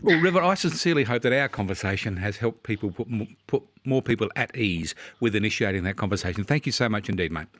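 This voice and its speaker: Australian male radio host, quick, lively, dry studio sound. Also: fairly low pitch. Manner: quick, with restarts and hesitations. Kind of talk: radio interview.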